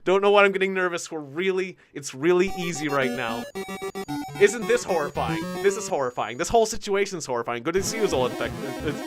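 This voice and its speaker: A man's voice: high-pitched, expressive, a little fast. Jittery, stammering male game streamer. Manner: nervous, self-mocking, stammering restarts. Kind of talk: live gameplay commentary. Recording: game music playing behind. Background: game music.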